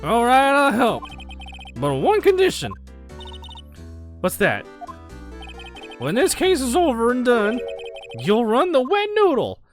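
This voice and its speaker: A woman voicing an eccentric old man shopkeeper who talks in a loud, wavering, folksy drawl. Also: on the high side, huge pitch swings, slow pace, long pauses, faint music behind, pitched above the performer's own voice, heavily acted. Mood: bargaining.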